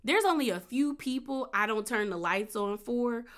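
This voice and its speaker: A woman's voice: on the high side, expressive, moderate pace, fairly bright tone. A woman giving a casual, sassy recap of a reality show, chatty and playful. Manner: chatty and sassy, acts out quotes with gasps and laughs.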